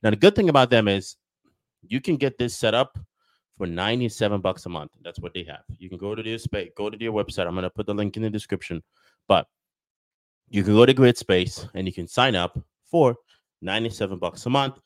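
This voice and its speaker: A man hosting a casual podcast, rambling and repeating himself with lots of fillers, upbeat like a sales pitch. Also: brisk, no room sound. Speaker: podcast host.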